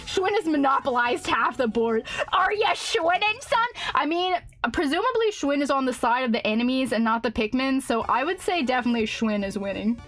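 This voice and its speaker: High, animated giggly woman streamer. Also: brisk, hardly any pauses, soft background music. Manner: giggly, excitable, laughs often. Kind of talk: casual live-stream chat.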